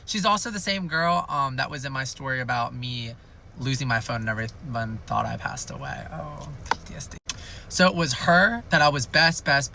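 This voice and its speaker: A man's voice: mid-range voice, creaky, bright, forceful tone, a little hiss or hum. A young man telling a rambling, jokey storytime in a chatty way. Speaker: storytime youtuber. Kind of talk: casual storytime.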